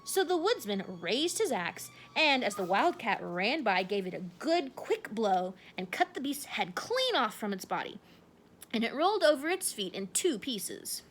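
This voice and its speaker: A woman reading a children's book aloud in an expressive, animated way. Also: on the high side, a little slow, slight background noise. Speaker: storybook reader.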